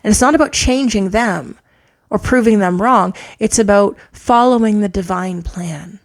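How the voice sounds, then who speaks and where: A woman giving an earnest spiritual tarot reading, a parent who often drops into soft whispers for emphasis. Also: medium pitch, moderate pace. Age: adult, parent of a child. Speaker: tarot reader. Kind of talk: spiritual pick-a-card reading.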